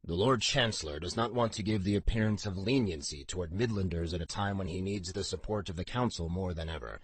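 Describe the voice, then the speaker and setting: A man doing a low, soft-spoken old courtier. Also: husky, no room sound. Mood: soothing. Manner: formal, measured, gently reassuring.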